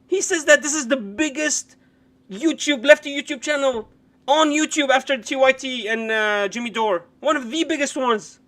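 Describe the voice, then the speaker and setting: High-pitched, loud, mocking streamer man. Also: moderate pace. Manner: loud, mocking, sarcastic, swears often. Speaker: live-stream host reacting to a clip. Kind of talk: profane, animated live-stream rant.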